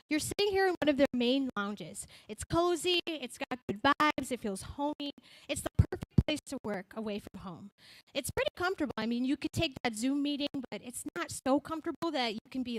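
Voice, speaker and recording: A woman's voice: sits high, animated, brisk, no room sound, rough recording. A woman with a Chicago accent hosting a live talk show, chatty and upbeat as she addresses a crowd in a hotel lounge.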